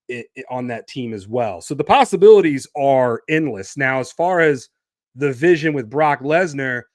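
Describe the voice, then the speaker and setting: A man's voice: mid-range voice, dry recording, clean studio sound. A man hosting a solo wrestling podcast, talking animatedly and stretching out names for emphasis. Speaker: podcast host.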